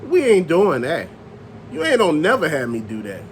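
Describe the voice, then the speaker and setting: Animated high-pitched man ranting. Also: normal speed, a little hiss or hum. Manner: loose, animated rant with slang and cussing. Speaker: channel host. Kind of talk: ranting to camera.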